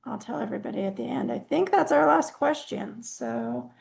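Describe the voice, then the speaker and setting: A woman's voice: on the high side, expressive, normal speed, gravelly, a little mellow, a little hiss or hum. A woman hosting an online talk over a video call, friendly and informal, losing her voice. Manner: friendly, informal, scattered announcing. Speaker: event host.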